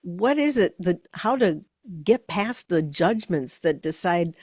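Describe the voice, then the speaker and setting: Deep-voiced woman cohost, slow and halting, kinda thinking out loud, dry mic. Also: dry recording. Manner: thinks aloud, halting and searching for words. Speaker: podcast co-host. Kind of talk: casual podcast conversation.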